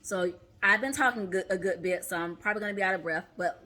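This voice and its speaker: A woman therapist and mindfulness coach talking casually to viewers, often checking in with a quick "okay?" and demonstrating deep breaths aloud. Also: pushed and bright. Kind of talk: casual instructional vlog.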